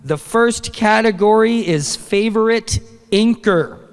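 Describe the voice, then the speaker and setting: Upbeat Canadian emcee in a reverberant hall. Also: male voice, sits high, slow pace, clean tone. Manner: upbeat, joking emcee with playful asides. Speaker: awards presenter and emcee. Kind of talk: live awards ceremony hosting. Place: large convention hall stage.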